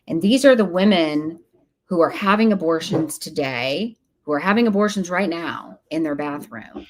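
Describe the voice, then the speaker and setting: Low-voiced earnest woman guest. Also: animated, unhurried, a little mellow. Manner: earnest and emphatic, acting out what others say. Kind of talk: casual interview talk.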